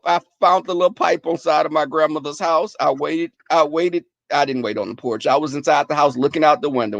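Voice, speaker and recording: A man hosting a live stream, casually telling stories to his chat in a profane, animated way, often breaking into laughter. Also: on the high side, vocal fry, no room sound, dull audio.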